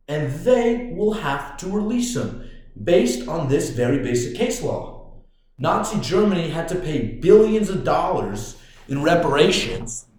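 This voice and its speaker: Fired-up swearing guy, voice jumps all over the place, super echoey room. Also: a little high. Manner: profane, excitable, animated. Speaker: podcast host. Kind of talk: casual rant.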